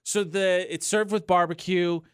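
A man's voice: sits high, fairly even intonation, normal speed, clear, resonant tone, no echo, clean studio sound. A man co-hosting a radio show, bantering casually and laughing often. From not from Utah.

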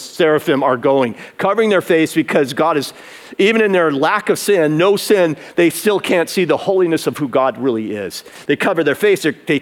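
A man pastor preaching an emphatic sermon that builds in intensity, in a converted barn used as a church. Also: fairly high pitch.

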